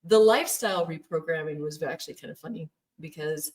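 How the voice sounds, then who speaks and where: A woman in her thirties recounts her own story in a frank, personal way, laughing now and then. Her voice sits a little low, and she is recorded from some distance from the microphone. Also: brisk, a little mellow. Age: 30s. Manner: candid, laughs often, acts out quoted voices. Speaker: former Jehovah's Witness telling her story. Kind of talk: personal testimony.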